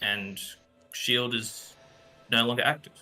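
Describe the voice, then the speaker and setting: A man's voice: medium pitch, level tone, takes it slowly, sharp tone. A man running a tabletop game as game master, narrating the action in a loose, conversational way with many fillers.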